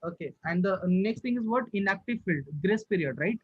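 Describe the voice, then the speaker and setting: A man's voice: high voice, animated, fairly quick, breathy edge, no room sound, dull audio. A man teaching a live online class who keeps asking his students questions and repeating himself. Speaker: instructor. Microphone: video call.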